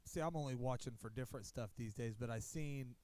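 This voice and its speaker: Man chatting haltingly on a podcast, dry sound. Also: medium pitch, dark tone, clear, resonant tone, no echo. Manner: halting, searching for words, self-deprecating. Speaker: podcast co-host. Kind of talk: casual chat. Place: podcast studio.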